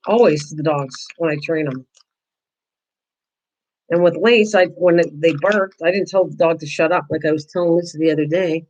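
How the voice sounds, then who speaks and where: A woman's voice: sits low, normal speed, a little mellow, muffled recording. Chatty older woman crafting on a livestream. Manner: chatty, answers viewers by name, frequent restarts. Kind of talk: casual livestream chat while crafting.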